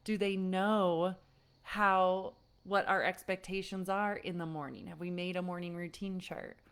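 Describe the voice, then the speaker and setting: A woman parenting coach giving an online lesson to parents, animated and often laughing as she acts out frustrated parents. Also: on the low side, unhurried, clear, resonant tone.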